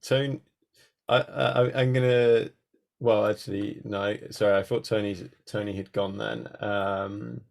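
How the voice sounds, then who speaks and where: A man's voice: fairly low pitch, flat delivery, a little slow, vocal fry. A man hosting an online workshop over a video call, hesitant and full of fillers. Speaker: workshop host. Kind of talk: casual online workshop chat.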